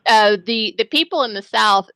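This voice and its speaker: A woman hosting an interview, chatty and halting with many restarts. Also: fairly high pitch, pushed and bright, dry recording. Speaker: radio talk show host.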